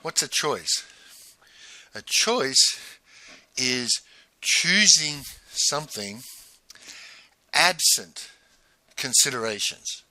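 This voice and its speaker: Bright-voiced man teaching with chuckles. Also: medium pitch, animated, no room sound. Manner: chuckling, halting, frequent "right?" asides. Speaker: business coach. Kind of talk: spoken lesson with anecdotes.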